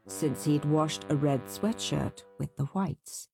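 Lady reading a kids story, slow and super expressive. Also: low-pitched, no room sound, soft background music. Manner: lively, animated. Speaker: narrator.

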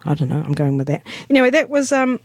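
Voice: medium pitch, sing-song, fast, a little mellow, no echo. Chatty New radio co-host. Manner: chatty, playful, rambling. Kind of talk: casual radio chat.

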